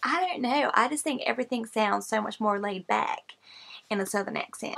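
A woman's voice: on the high side, moderate pace, gravelly, fairly bright tone. A woman in her late twenties from Kent with an English accent, chatting to camera as a YouTuber and listing facts about herself, candid and self-mocking, swearing freely. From England, Kent.

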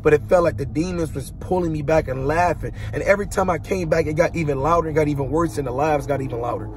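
High-voiced man telling a dramatic testimony. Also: quick pace, a little hiss or hum. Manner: dramatic, colloquial, imitates booming sounds. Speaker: vlogger giving a testimony. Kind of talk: emotional personal testimony. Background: instrumental music.

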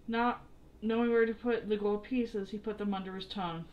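A woman's voice: mid-range voice, normal speed, a little hiss or hum, poor audio. Woman reading a story aloud. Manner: steady, expressive storytelling. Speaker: storybook reader.

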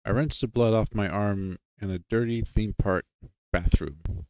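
A man narrating a first-person story in a conversational, animated way. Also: fairly low pitch, unhurried, no echo.

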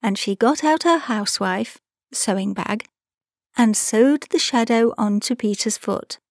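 A woman narrating a classic children's storybook as an audiobook reader, measured and expressive. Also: fairly high pitch, no echo, clean studio sound.

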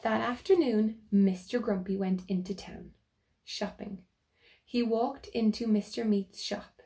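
A woman teacher reads a picture book aloud to young children, taking her time and asking them questions along the way. Her voice is mellow and dark with a gravelly fry, and her pace is very slow. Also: mid-range voice.

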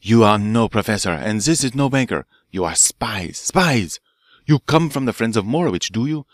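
A man reading an audiobook, voicing an excitable, vengeful French professor with a French accent who shouts menacingly. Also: medium pitch, normal speed, no room sound, studio quality, lightly acted. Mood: furious.

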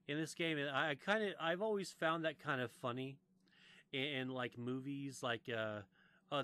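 A man's voice: medium pitch, sharp tone, clear, resonant tone, no room sound. An American man hosting a casual gaming podcast, rambling with many restarts and fillers and swearing freely. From United States. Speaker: podcast host.

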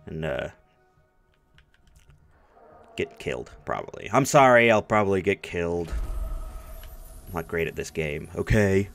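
A low-voiced man chatting his way through a video game with a slow, unhurried pace. His delivery swings widely, from sudden squeals to mumbled asides. He is goofy and self-mocking. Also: lively intonation, creaky, soft background music. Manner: playful, goofy, makes silly noises and jokes at himself. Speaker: let's play gamer. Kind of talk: casual gameplay commentary.

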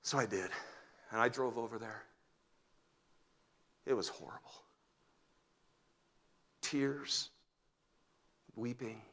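A man in his fifties, a pastor, preaching a sermon and telling stories, swinging from loud exclamations to hushed near-whispers. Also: medium pitch, slow, long pauses. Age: 50s. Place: church sanctuary.

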